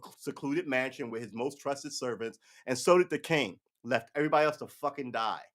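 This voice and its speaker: A man in his forties hosting a livestream, ranting casually with lots of swearing and restarts. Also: mid-range voice. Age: 40s. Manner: profane, rambling, animated talk with restarts. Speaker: livestream host.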